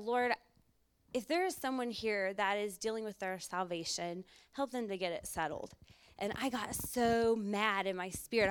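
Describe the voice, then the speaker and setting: Woman telling her church testimony, chatty storyteller, mid-pitched smooth clear voice. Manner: conversational storytelling, acts out her own past thoughts. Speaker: retreat speaker giving testimony. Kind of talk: personal testimony.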